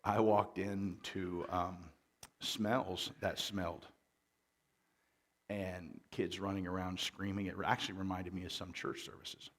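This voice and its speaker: A middle-aged man, a pastor telling stories in a relaxed, joking sermon full of fillers. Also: low-pitched, measured pace. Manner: folksy storytelling with jokes and fillers; louder and more forceful after the mic change. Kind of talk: conversational sermon. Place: church.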